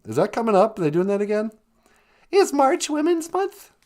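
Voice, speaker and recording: A woman co-hosting a morning radio show, playful and giggly, bantering in a high, bright voice. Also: big pitch swings, normal speed. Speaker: radio co-host. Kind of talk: joking morning radio chat.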